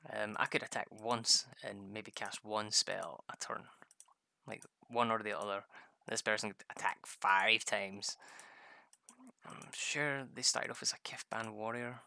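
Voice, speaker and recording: A man's voice: on the low side, steady tone, measured pace, creaky, bright, forceful tone, no room sound. A man chatting casually over gameplay, telling rambling stories full of swearing. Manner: rambling, profane storytelling. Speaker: gamer.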